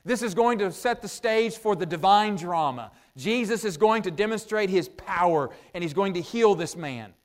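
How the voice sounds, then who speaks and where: High-voiced male preacher thinking aloud. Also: animated. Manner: conversational, asks the audience rhetorical questions; thinks out loud with frequent "uh" pauses. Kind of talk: sermon.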